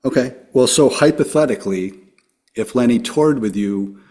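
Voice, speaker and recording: A man hosting a casual podcast, asking quick upbeat questions. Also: mid-range voice, darkish tone. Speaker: podcast host. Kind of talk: casual interview chat.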